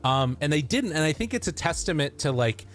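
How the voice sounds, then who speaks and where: A man's voice: fairly high pitch, very animated, fairly quick. A man working as an esports caster, thinking aloud with fillers in a panel discussion.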